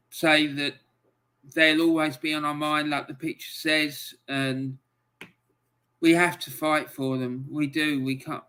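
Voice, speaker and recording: A man's voice: a little high, sharp tone. A man hosting a football livestream, ranting angrily and emotionally, swearing and reading out chat messages. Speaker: football channel host.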